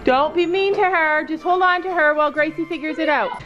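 Giggly high-voiced woman vlogging at a barn. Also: a little fast, a bit bright, highs cut off. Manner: giggly and chatty, often laughing. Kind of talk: casual family vlog chat. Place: outdoors at a horse barn.

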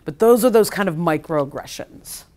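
A woman's voice: lowish voice, expressive, moderate pace, a little mellow. A woman psychologist giving a keynote lecture in a casual, chatty way, often saying "like" and acting out quoted speech. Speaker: keynote speaker.

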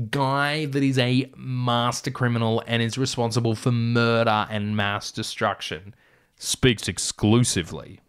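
A man's voice: mid-range voice, clear, resonant tone. A young man reading aloud his childhood novel, breaking off for wry, joking asides. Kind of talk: casual read-aloud with asides.

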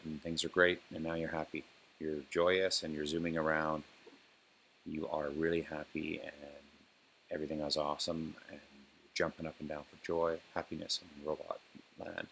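A man casually walking through a software demo and speaking commands to an on-screen robot, with plenty of ums and uhs. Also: very deep voice, slight background noise. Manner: relaxed, filler-heavy, talks plainly to a robot program. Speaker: developer demonstrating software.

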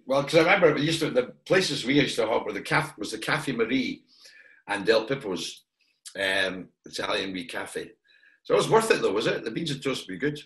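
A man's voice: medium pitch, lively intonation, fairly quick, fairly bright tone. A Scottish man from Perth, a guest actor, reminiscing in a casual chat and rambling with fillers and restarts. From Perth, Scotland. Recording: echoey room.

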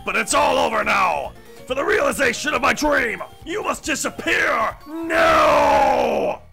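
A hot-headed villain gang leader, as a man voices him for a game playthrough, loud and theatrical, his throat sounding strained. The voice is bright and gravelly, with pitch jumping all over. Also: lively intonation, slow pace, faint music behind, full character voice. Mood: menacing. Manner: loud, theatrical, often shouting.

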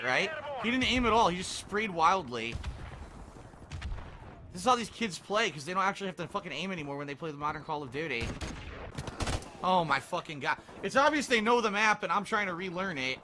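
A man's voice: sits high, noisy background. A young man commentating his own gameplay, ranting and swearing in exasperation. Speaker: gaming commentator. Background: faint gunfire from the game.

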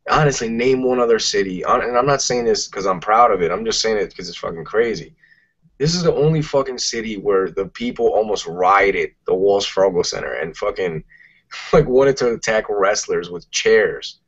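A man's voice: on the low side, animated, normal speed. A man, co-hosting a casual podcast, ranting emphatically and swearing a lot. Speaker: podcast co-host. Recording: muffled lo-fi podcast audio.

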